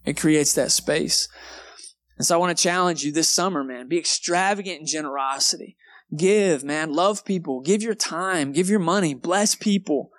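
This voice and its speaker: In a church sanctuary, a pastor with a fairly high voice preaches casually at a moderate pace, sprinkling in "man" and "okay." The live recording has no echo, with soft guitar music playing and a loud guitar behind him.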